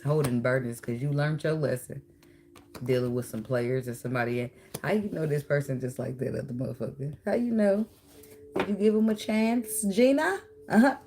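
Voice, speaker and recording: A woman gives a casual, animated tarot reading, talking straight to her viewers. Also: very deep voice, background noise. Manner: animated, talks to viewer, bursts into song and laughter. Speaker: tarot reader.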